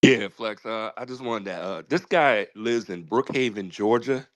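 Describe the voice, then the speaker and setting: A man's voice: lowish voice, measured pace, fairly bright tone, dry recording. A man calling in to a debate show, incredulous and repeating his points. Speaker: caller. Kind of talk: call-in debate.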